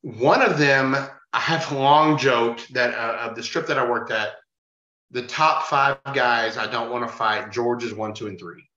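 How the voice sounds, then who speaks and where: A man with a bright, forward voice tells a rough bar story in loose, casual talk, swearing freely and acting out what others said. His voice sits in a roomy space, and the sound is a little dull and muffled. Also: medium pitch, a little slow. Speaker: podcast guest, bar bouncer.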